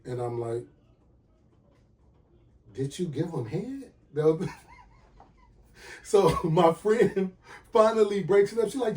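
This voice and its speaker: A man hosting a podcast, telling a personal story with lively acted-out dialogue and sound effects. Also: sits high, slow, pauses often, distant mic, a little hiss or hum. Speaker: podcast host.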